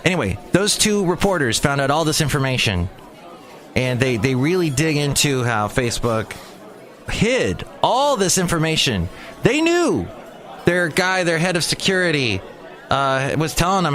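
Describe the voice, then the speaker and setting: A podcast host in his forties speaks at normal speed in a mid-range, sing-song voice with a fairly bright tone. Alone in a small hot room, he gives a casual, rambling monologue dotted with jokes and wandering asides.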